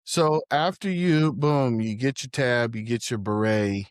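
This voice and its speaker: A man's voice: mid-range voice, a little slow, dry recording, studio quality. A man hosting a podcast, asking casual interview questions in an easygoing way. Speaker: podcast host.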